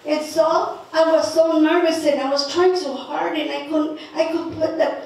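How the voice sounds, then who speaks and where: A woman telling a personal story in a lively, playful way, mixing in Spanish words. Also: high-pitched, moderate pace, creaky. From Northern New Mexico. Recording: echoey room, speaker far from mic.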